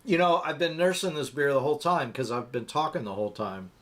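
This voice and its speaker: A man's voice: on the high side, a little fast, a bit bright. A middle-aged man co-hosting a casual live-stream chat, rambling and telling jokes while he acts out the voices in them. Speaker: co-host of a live motorcycle chat.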